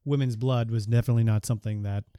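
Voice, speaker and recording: A male podcast co-host in casual discussion, chiming in with quick remarks and questions. His pitch is mid-range and the recording sounds dry and close. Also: steady tone, dark tone, clear, resonant tone, dry recording.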